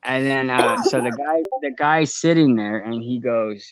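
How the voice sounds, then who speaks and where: A man casually telling a long rambling story, halting and laughing as he goes. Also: mid-range voice, dry recording, low-quality recording.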